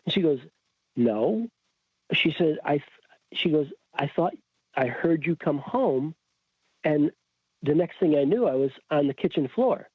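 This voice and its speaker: Podcast guest, Connecticut man, lively retelling with many restarts, lo-fi phone-quality audio. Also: a little high, measured pace, pauses often, husky, dry recording. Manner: animated, acts out quoted voices, frequent restarts. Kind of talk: storytelling in a casual chat. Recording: tinny phone-like audio, dry.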